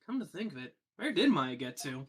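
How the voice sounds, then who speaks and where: A woman's voice: low voice, big pitch swings, a little fast, husky, faint music behind, pitched below the performer's own voice, full character voice. A woman voicing a flustered young male defense lawyer who stammers and mutters asides in a fan reading of a game. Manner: stammering, awkward, mumbled asides.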